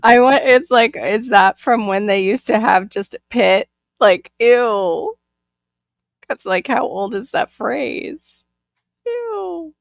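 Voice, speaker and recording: A woman's voice: a little high, slow, vocal fry, dry recording, studio quality. A woman from Florida hosting a casual chat stream, chatty and laughing often. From Florida, USA. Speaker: channel host.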